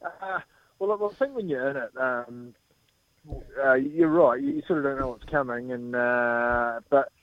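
A middle-aged man calls in to a radio interview. He talks in an easygoing, halting way, full of ums and uhs. His voice comes through a narrow, tinny phone line with no room sound. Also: mid-range voice, no room sound. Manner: relaxed, hesitant, many fillers. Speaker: former rugby captain guest.

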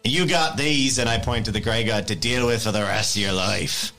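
Brief: man as a cocky, sharp-toned swaggerer, taunting and swearing. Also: on the low side, moderate pace, faint music behind. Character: brash cocky man picking a tavern fight. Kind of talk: in-character tabletop role-play.

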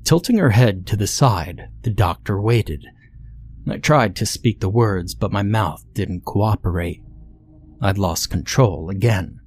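A man with a somewhat low voice reads a horror story in a measured, somber way. His delivery is scripted and steady, a storyteller's narration.

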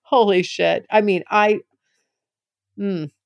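A woman's voice: mid-range voice, steady tone, takes it slowly, creaky, no room sound. A woman hosting a podcast, frankly telling a personal story, gushing and laughing often. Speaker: podcast host.

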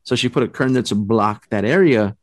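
A man casually telling a long story, rambling and animated, full of fillers. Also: medium pitch, fairly quick, no room sound. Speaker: storyteller guest. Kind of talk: casual chat.

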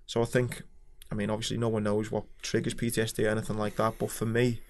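A man with a Scouse accent talks fast and frankly as a podcast guest. His pitch stays fairly even, and dark humour runs through his story. His tone is casual and open. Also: slight background noise. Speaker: podcast guest, former Royal Marine. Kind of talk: casual chat.

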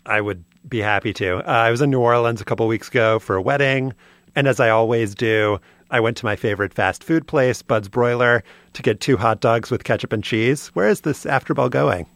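A podcast co-host with a gravelly, slightly bright mid-range voice talks a little fast as he reads a prepared story in a casual chat, delivering it in a dry, wry way. There's no echo.

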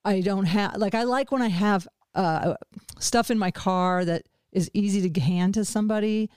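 A woman's voice: medium pitch, normal speed, darkish tone, clear, resonant tone, dry recording. Middle-aged woman host, casual podcast chat, laughs easily, dry close-mic sound. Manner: chatty, laughs often, self-deprecating. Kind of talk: casual conversation.

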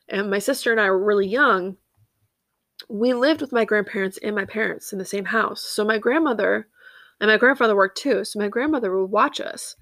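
A woman's voice: medium pitch, normal speed, a bit bright, dry recording, clean studio sound. Earnest woman hosting a faith podcast. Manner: earnest, rambling with many fillers. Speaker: podcast host.

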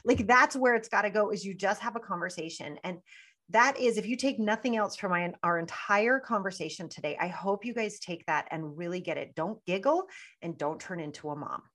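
Woman mentor on a podcast, emphatic and playful, mid-pitched voice. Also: fairly quick. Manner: emphatic, animated, playful coaching tone. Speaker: business mentor guest. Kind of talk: podcast interview.

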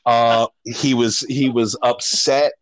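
A man's voice: medium pitch, steady tone, takes it slowly, no room sound, low-quality recording. Guy on a podcast rambling thru a story, swears a lot, dry close sound. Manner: rambling, profane, restarts often. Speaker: podcast co-host. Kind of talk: casual storytelling chat.

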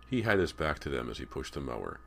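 A man's voice: rumbling low, big pitch swings, quick pace, creaky. A man reading a young-adult horror novel aloud as an audiobook narrator. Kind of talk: scripted narration.

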